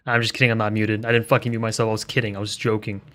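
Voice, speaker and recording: A man's voice: lowish voice, little pitch movement, very fast, a bit bright. Profane, ranting male game streamer. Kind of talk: casual live-stream commentary.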